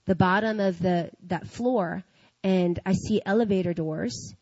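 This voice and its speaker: Woman, casual storyteller, animated, slangy, dry muffled recording. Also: medium pitch, measured pace, no room sound. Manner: animated, slangy, acts out her own reactions. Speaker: speaker sharing a personal faith story.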